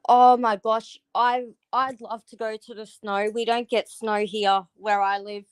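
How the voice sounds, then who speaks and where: An Australian woman chatting frankly on her livestream, drifting off topic and cursing without a second thought. Her voice sits a little high and she takes her time with every phrase. The sound is close and dry, with no room around it. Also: little pitch movement, a little slow, clean tone, dry recording, rough recording. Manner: frank, rambling, swears freely. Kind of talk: casual livestream chat.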